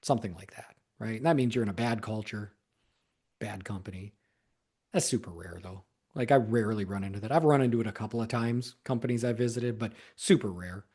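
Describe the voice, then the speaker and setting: A man's voice: on the low side, brisk, a little mellow, husky. Man giving casual sales coaching advice. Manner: conversational, repeats words, stresses key points. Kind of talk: solo advice talk to camera.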